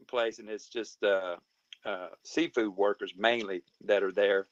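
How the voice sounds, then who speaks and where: Halting, polite man. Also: fairly low pitch, steady tone, no room sound, muffled recording. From Mobile County, Alabama. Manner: halting, many fillers and restarts, polite. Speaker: guest. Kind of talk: casual conversation.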